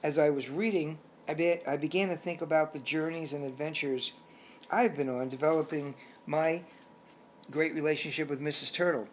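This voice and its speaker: A man doing a calm, wise old turtle. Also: a little high, moderate pace, slight background noise, natural voice. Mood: reflective.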